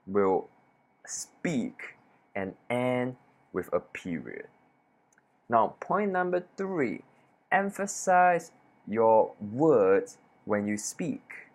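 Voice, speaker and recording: A man giving a self-improvement lesson to camera, talking deliberately with pointed pauses and falling sentence endings. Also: on the low side. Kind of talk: instructional talk to camera.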